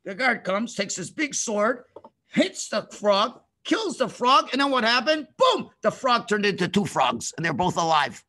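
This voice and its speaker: A man teaching children through a story over a video call, animated and playful, with sound effects. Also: high voice, a little slow.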